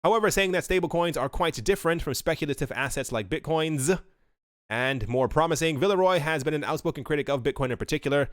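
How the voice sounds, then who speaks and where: A man giving casual, opinionated commentary in a voice pitched a bit high for a man. He talks loosely, full of fillers and restarts. The sound is dry and close. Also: fast talker, no room sound. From United States. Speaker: crypto video host.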